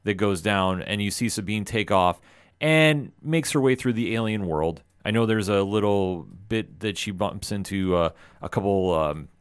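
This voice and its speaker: Man, lowish voice, smooth tone, casual podcast recap, enthusiastic. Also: moderate pace. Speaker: podcast co-host. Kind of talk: casual chat.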